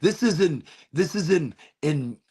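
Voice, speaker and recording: A man's voice: on the high side, lively intonation, measured pace, warm tone, breathy edge. A man hosting a talk show, thinking aloud in a rambling, philosophical way and often repeating and restarting his phrases. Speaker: show host. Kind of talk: reflective solo talk show monologue.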